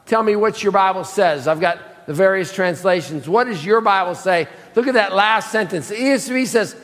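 High-voiced man preaching a sermon. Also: expressive, normal speed, a bit bright, in a large hall. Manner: emphatic, questions the congregation directly. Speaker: pastor. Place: church sanctuary.

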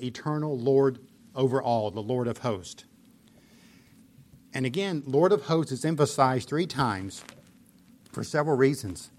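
A man's voice: medium pitch, a little mellow. A man preaching a sermon, explaining scripture earnestly and pressing points with emphatic repetition. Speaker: pastor.

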